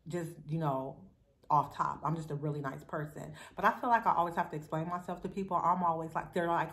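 A woman's voice: deep voice, fairly even intonation, a little fast, fairly bright tone. A woman, chatting bluntly and straightforwardly to her viewers while eating, a mukbang vlogger. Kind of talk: casual chat while eating.

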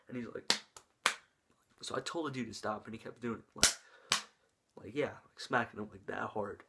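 Young man, casual story-time vlog, rambling, filler-heavy, mid-pitched voice, acts out moves as he talks. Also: heavy background noise. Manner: rambling, full of "like" and restarts; shows moves with his hands as he talks.

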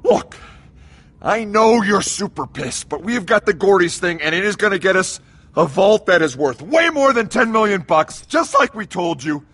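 A high, jittery young con man. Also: very animated, a bit bright, husky, heavily acted. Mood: defensive. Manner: anxious, defensive, talks fast to reassure. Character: nervous young male con man pleading innocence.

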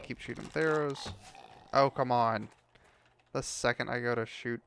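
A man's voice: medium pitch, steady tone, normal speed, background noise. A young man giving casual commentary while playing a game, ranting and swearing when things go wrong. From United States. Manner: frustrated ranting, heavy swearing. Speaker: gameplay commentator.

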